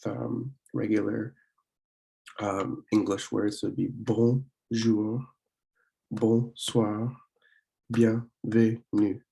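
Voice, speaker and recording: A young man from Pennsylvania giving a casual recorded online lesson, talking with many fillers and slowing down to demonstrate words. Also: on the low side, vocal fry, warm tone. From Pennsylvania, USA. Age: young adult. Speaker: student French club teacher.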